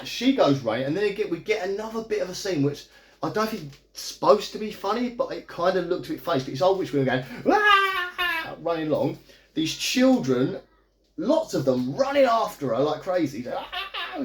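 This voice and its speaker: A man's voice: on the high side, darkish tone. A man in a casual video review, recapping a movie plot in a chatty, amused, rambling way. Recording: echoey room.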